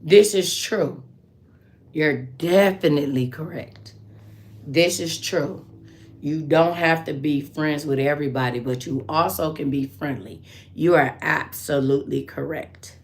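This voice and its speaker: A woman hosting a casual livestream, telling a story in a loose, animated way and answering her viewers with endearments like sweetheart and baby. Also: sits low. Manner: loose, drawn-out delivery with restarts. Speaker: livestream host.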